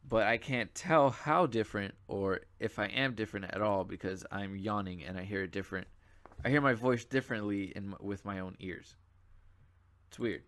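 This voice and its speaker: Yawning and drowsy, a young channel host rambles through commentary on his own gameplay, full of fillers and side remarks. His voice is lowish and a bit bright.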